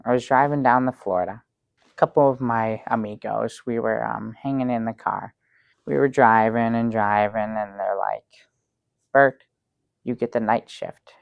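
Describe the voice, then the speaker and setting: A man playing a naive sidekick, rambling, earnest, gravelly, average pitch. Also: fairly even intonation, no echo, muffled recording, lightly acted. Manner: rambling, halting with many ums, sincere. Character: naive dim-witted male sidekick Bert. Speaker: show regular. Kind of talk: improv sketch comedy.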